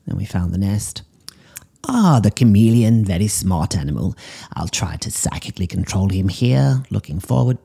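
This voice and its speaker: A man puts on an eccentric middle-aged woman pet psychic, delivering a deadpan comedic voice-over. The voice sits very low and dark, gravelly and husky, with breathy murmured asides. She drawls her endearments at the animals. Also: full character voice.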